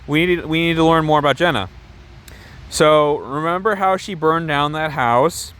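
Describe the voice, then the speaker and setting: A man's voice: on the high side, moderate pace, a bit bright, clean tone. A man talks through a movie he disliked in a loose, unscripted rant. He rambles, leans on "like," and turns sarcastic, dropping a curse here and there. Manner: rambling, full of "like", sarcastic, swears. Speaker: movie reviewer. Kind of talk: casual film review rant.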